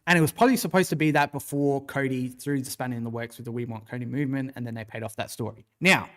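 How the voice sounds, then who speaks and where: A man's voice: mid-range voice, fast. An Australian man hosting a wrestling livestream, giving opinionated, rambling commentary, answering chat and swearing freely. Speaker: wrestling show host.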